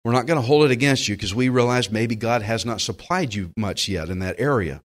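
This pastor, a man with a Southern US accent and a medium-pitched voice, preaches briskly. His sermon is folksy and spirited, with him voicing the people he quotes.

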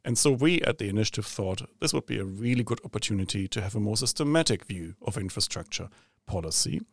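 A man's voice: fairly low pitch, lively intonation, quick pace. A man with a German accent hosting a podcast interview, asking probing, wry questions. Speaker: podcast host, think tank head. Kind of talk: conversational interview.

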